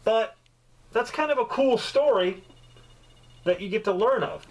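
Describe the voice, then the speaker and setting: A man giving a casual, joking movie review, with swearing and lively storytelling. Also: sits high, measured pace, low-quality recording. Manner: profane, joking, animated storytelling.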